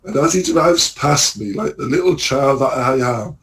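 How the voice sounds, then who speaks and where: A middle-aged man from England, a podcast co-host and lorry driver, telling an animated casual anecdote full of swearing and acted-out quotes. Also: on the high side, normal speed. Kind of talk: casual anecdote among friends.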